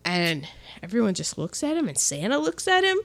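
A woman's voice: mid-range voice, huge pitch swings, normal speed. A middle-aged woman in casual chat, animatedly retelling film scenes and slipping into voices.

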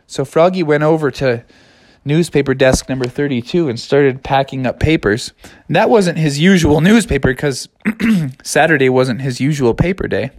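A man's voice: fairly high pitch, lively intonation, moderate pace, dry recording. A young man improvising a silly story, rambling and playful, laughing along.

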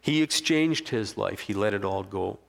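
A man's voice: fairly low pitch, expressive, moderate pace, creaky. A man preaching a sermon from a stage, telling a story and building to fervent peaks. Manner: storytelling, rising to fervent near-shouting peaks. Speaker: pastor. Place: stage before a congregation.

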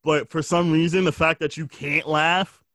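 Bright-voiced joking man, dry close mic. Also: on the high side, little pitch movement, moderate pace, no echo. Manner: joking storyteller, swears freely, lots of fillers. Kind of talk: casual chat.

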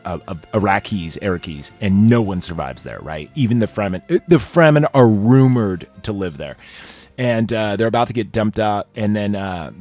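A man's voice: lowish voice, a little mellow. A man hosting a casual chat, retelling a movie scene with lots of fillers and acting out the characters' lines. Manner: rambling with many fillers, acting out quoted lines. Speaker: podcast host.

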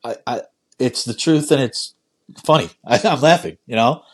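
A man hosting a casual podcast, easygoing and quick to laugh, often restarting his sentences. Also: medium pitch, slightly rough. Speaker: podcast host.

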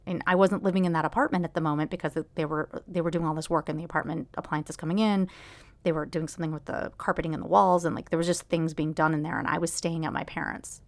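A young woman hosting a podcast, telling a personal story in a halting way full of restarts and fillers, often dropping to a hushed whisper. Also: sits low, no room sound. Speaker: podcast host.

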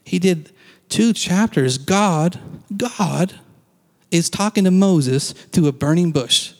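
A man's voice: sits high, animated, unhurried, big-room sound. A man giving a casual, conversational sermon as a pastor, acting out quoted lines and laughing now and then.

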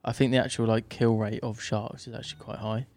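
A man's voice: fairly low pitch, flat delivery, brisk, a little mellow. A young man co-hosting a podcast, citing statistics in a matter-of-fact, casual way with stumbling restarts. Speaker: podcast co-host.

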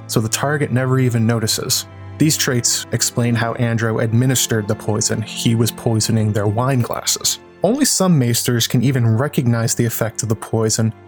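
A man narrating a lore video, explaining events in a steady, analytical way. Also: medium pitch. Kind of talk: scripted narration.

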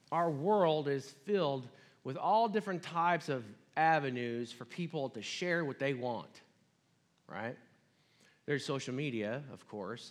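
A man's voice: medium pitch, fairly bright tone. A man preaching a sermon in a casual, storytelling way with chatty asides. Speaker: pastor.

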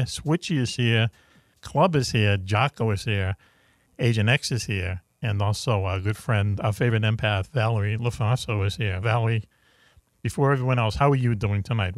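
A man hosting a radio talk show in a casual, joking manner, full of fillers and quick laughs. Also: on the low side, no room sound.

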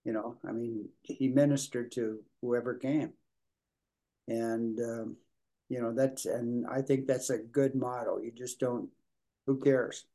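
An older priest talks through his answers in a mellow, warm voice at a middle pitch. He stops and restarts often, repeating words and filling gaps with "you know" and "uh". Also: steady tone. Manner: halting, repeats words, many fillers. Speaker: Episcopal priest, prison minister. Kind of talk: conversational interview answers.

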